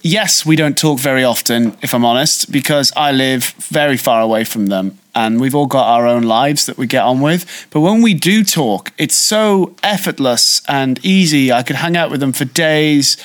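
A man co-hosting a podcast in casual chat, talking in a chatty, animated way. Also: medium pitch, normal speed, few pauses. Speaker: podcast co-host.

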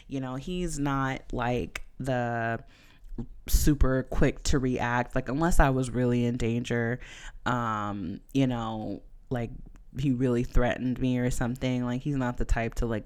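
A woman podcast host telling a personal story in a chatty, animated way, full of "like" and "you know". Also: a bass voice, clear, resonant tone. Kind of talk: casual storytelling monologue.

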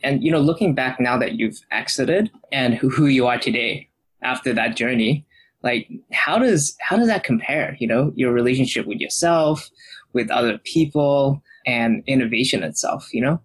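A man hosting an interview, asking questions haltingly with many "you know" fillers. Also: mid-range voice, lively intonation, husky, low-quality recording. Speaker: podcast host.

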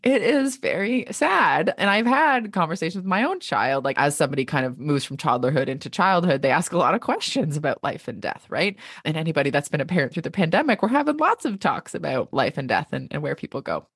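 A woman's voice: sits low, brisk, few pauses, slightly rough, no echo, studio quality. A woman in her thirties co-hosting a podcast, chatting expressively and laughing often as she discusses a manuscript. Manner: expressive, lively, laughs often, reads quotes aloud. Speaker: podcast co-host and literary agent. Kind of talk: casual podcast chat.

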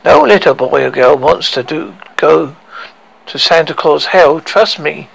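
A worried father warns his children earnestly in a horror audio story, as a man puts him on. His voice is husky and gravelly. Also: a little high, expressive, measured pace, a bit bright, heavily acted, poor audio.

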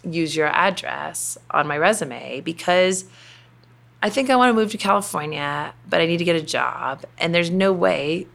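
With a fairly low, slightly bright voice, vocal fry and lively intonation, a middle-aged Southern-accented woman from Kentucky talks at a moderate pace. As a company president and interview guest, she relates her story chattily, using many fillers.

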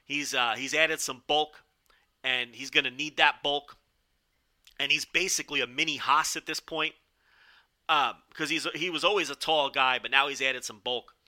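A man's voice: mid-range voice, steady tone, moderate pace, sharp tone. A man reviewing a wrestling show in a casual, rambling podcast style, swearing now and then.

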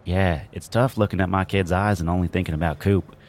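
A man player improvising in a tabletop game, drifting wryly between his character's lines and deadpan narration. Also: deep voice, fairly quick.

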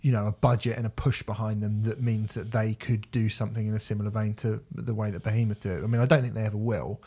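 A man's voice: on the low side, little pitch movement, fast talker, mellow, husky. A man co-hosting a podcast, chatting casually and rambling emphatically, repeating words as he talks. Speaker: podcast co-host reviewing albums. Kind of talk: casual chat.

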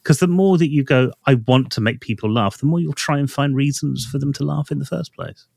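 A man's voice: medium pitch, fairly quick, gravelly, darkish tone, dry recording, studio quality. A man co-hosting a podcast, explaining ideas in a rambling, thoughtful way. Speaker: podcast co-host. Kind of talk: casual chat.

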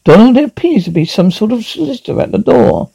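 A man's voice: very high voice, animated, quick pace, gravelly, dark tone, husky, dry recording, voice pushed up, heavily acted. A man voicing a prim, fretful housewife who speaks in an exasperated, fussy way.

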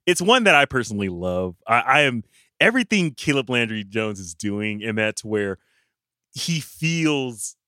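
A man co-hosting a podcast, talking about films casually with halting restarts and frequent laughs. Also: mid-range voice, sing-song, pushed and bright, no room sound, studio quality. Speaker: podcast co-host. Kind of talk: casual film discussion.

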